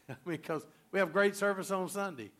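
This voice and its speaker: Fervent pastor preaching. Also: male voice, high voice, moderate pace. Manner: emphatic, repetitive preaching with big swings in loudness. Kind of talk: sermon.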